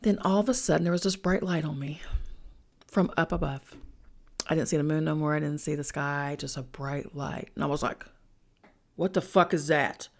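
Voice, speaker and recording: Low gravelly woman telling a story. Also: fairly even intonation, normal speed. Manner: chatty, slangy, swears, talks straight to listeners. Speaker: podcast host and spiritual coach. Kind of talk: casual storytelling.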